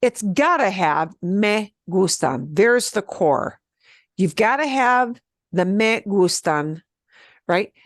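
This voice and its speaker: A woman teaching beginner Spanish over a video call, moving at an unhurried pace. Her voice is lively, with wide swings in pitch. She stops often to check that the class is following, and the sound is dry and close. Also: dry recording. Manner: patient, explains slowly with many "okay?" checks.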